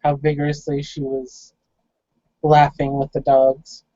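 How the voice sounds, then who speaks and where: Game master casually narrating a tabletop game, warm relaxed voice, dry lo-fi sound. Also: mid-range voice, unhurried, gravelly, dry recording.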